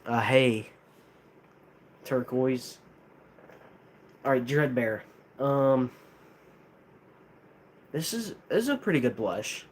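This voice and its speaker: A man's voice: mid-range voice, animated, a little hiss or hum. Hesitant man with a lisp. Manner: hesitant, halting, many restarts. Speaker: streamer ranking plush toys. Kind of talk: casual live-stream chat.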